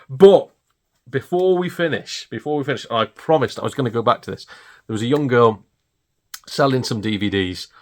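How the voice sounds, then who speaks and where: A British man vlogging about retro game pickups, gleeful and excitable and laughing often. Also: on the low side, slight background noise. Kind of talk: casual chat showing off purchases.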